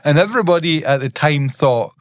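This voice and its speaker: A man's voice: a little high, animated, fairly quick. A man hosting a podcast, chatting and prompting his guest with questions. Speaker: podcast host. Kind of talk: interviewing a guest.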